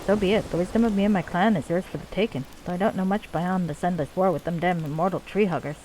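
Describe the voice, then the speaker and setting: A woman voicing a gruff male dwarf clan leader, weary of endless war, in a put-on Scottish accent. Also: fairly low pitch, fast, warm tone, slight background noise, lightly acted, low-quality recording. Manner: gruff, archaic folksy dwarf speech. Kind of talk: reading game dialogue aloud.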